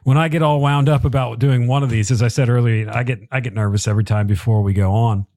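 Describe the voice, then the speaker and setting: A man's voice: mid-range voice, steady tone, fast talker, dark tone, dry recording. A man hosting a livestream interview, chatty and self-deprecating as he reads out viewer comments. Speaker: livestream host.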